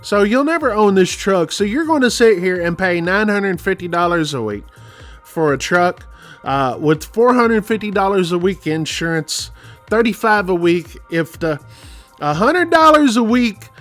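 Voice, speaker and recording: A man in his forties with a fairly high voice warns his fellow drivers in a casual, emphatic rant. He rambles and circles back over the same points, and faint music plays behind him. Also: fairly bright tone. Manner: emphatic, rambling, repeats himself. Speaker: truck driver and channel host. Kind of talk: casual warning rant to camera.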